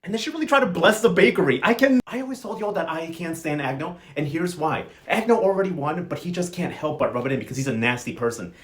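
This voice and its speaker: A man's voice: fairly high pitch, lively intonation, fast talker, few pauses. A man casually recapping a soap opera episode, sassy and slangy, quoting the characters in playful voices. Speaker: novela recap host.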